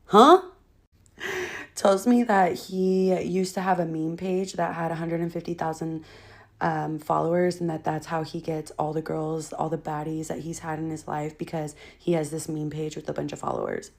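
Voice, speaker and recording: A woman's voice: deep voice, normal speed, creaky, a little mellow. Blunt young woman swearing through a storytime. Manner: blunt, exasperated, swears freely. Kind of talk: casual storytime.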